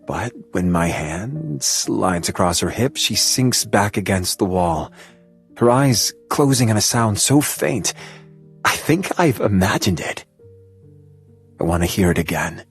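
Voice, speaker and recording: A man's voice: on the low side, husky. A man narrating an audiobook in the first person, with an intense, breathless inner-monologue delivery.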